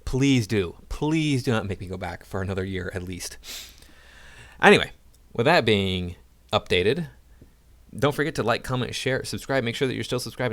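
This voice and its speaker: A YouTube commentator, male with a fairly low but bright-toned voice, reads news stories aloud and keeps breaking in with sarcastic, mocking remarks. Between the quoted passages he talks casually and off the cuff.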